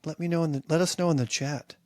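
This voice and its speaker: A man's voice: fairly high pitch, fairly even intonation, darkish tone, no room sound. A man co-hosting a podcast, joking and teasing his guest in casual banter. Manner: joking, teasing, quick with silly voices. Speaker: podcast co-host.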